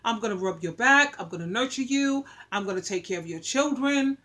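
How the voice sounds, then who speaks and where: High-voiced woman vlogger lecturing her viewers, emphatic and repetitive. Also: animated, brisk, sharp tone. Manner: emphatic, preachy, repeats points for emphasis. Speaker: relationship advice vlogger. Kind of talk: casual opinionated monologue.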